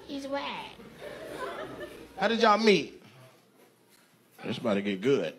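A male stand-up comedian doing crowd work, loud and teasing, with sudden shouted outbursts. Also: medium pitch, huge pitch swings, measured pace, long pauses, heavy background noise. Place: comedy club stage. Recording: live club recording with crowd laughter. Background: audience laughing.

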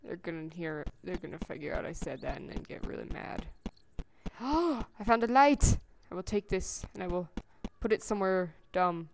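Excitable woman narrating her gameplay. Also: on the low side, brisk, hardly any pauses, noisy background. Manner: chatty and excitable, gasps at finds, squeals and sing-song calls. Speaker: gameplay commentator. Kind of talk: casual let's-play commentary.

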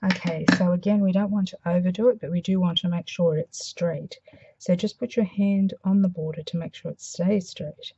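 A woman with an Australian accent, slightly hoarse after a flu, demonstrating a craft project in a soft, mumbling, thinking-aloud way. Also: fairly low pitch, steady tone, moderate pace, muffled recording, a little hiss or hum. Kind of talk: casual craft tutorial.

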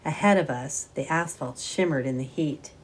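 A woman reading a children's novel aloud in a steady, even storytelling manner. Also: low voice, normal speed, breathy edge. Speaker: audiobook reader.

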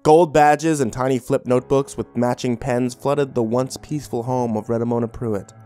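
A man's voice: medium pitch, fairly even intonation, normal speed, mellow, soft background music. A man narrating a horror story in a dramatic scripted reading.

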